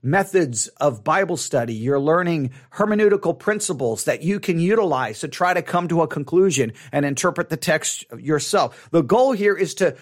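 A man, a pastor hosting a live Bible study podcast, speaks with a fairly high-pitched voice. He talks to listeners in an earnest, conversational way, repeating and restarting words as he works toward his point. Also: lively intonation, normal speed, few pauses.

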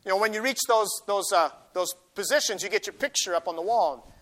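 A man's voice: sits high, a little fast, a bit bright. A man preaching a sermon, reading scripture aloud and explaining it with folksy asides and emphatic peaks. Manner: folksy asides with self-deprecating humor. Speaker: pastor.

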